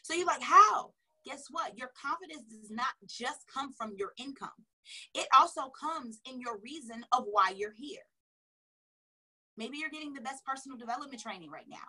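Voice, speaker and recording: Woman coach giving a pep talk, high voice kinda husky, punches and repeats her points. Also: lively intonation, normal speed, bright, forceful tone, low-quality recording. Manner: emphatic, repeats key phrases; casual and chatty. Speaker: sales coach.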